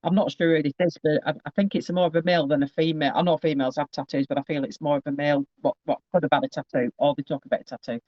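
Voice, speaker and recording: A man's voice: fairly high pitch, steady tone, very fast, few pauses, no room sound, muffled recording. A man giving a casual psychic reading over a video call, rambling and often breaking off with asides.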